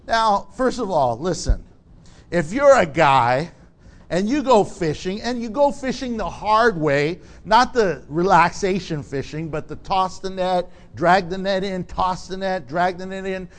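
High-voiced animated male preacher. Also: measured pace. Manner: animated, laughs often, acts out voices. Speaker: pastor. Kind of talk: sermon.

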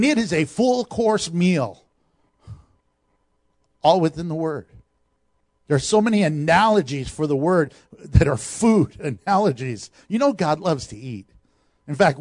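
Animated male preacher, dry close sound. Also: a little high, no echo. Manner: animated preaching with laughs and asides. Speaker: pastor. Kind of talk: sermon.

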